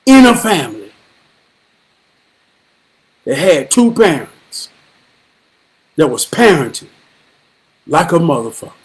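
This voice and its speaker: A man talking slowly into a live stream, his voice sitting noticeably high for a man. He preaches with blunt profanity and repeats phrases in a rhythmic, sermon-like way, now and then breaking into a shout. His drawn-out pacing gives it a lingering, heavy feel. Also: very animated. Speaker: livestream host. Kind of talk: motivational live-stream monologue.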